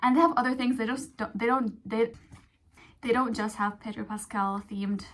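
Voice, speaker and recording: A young adult woman vlogging in a casual, chatty way, ranting and getting excited, with lots of fillers. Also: on the high side, moderate pace. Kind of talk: casual vlog chat.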